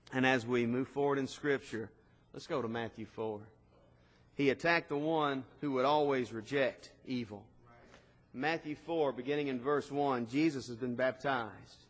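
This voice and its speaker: A man preaching a sermon, swinging between loud emphatic lines and quiet passages. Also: mid-range voice. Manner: dynamic preaching with swings in loudness. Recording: long hall reverb.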